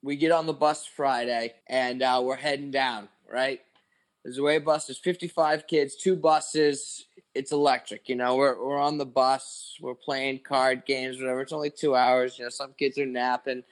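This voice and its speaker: A man's voice: medium pitch, steady tone, normal speed. A man in his twenties, a podcast co-host, telling a long story in casual chat, rambling with lots of "like" and swearing.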